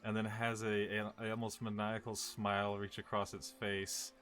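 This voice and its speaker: A man's voice: lowish voice, completely flat delivery, moderate pace, a bit bright. A man narrating as game master, rambling with laughing self-corrections.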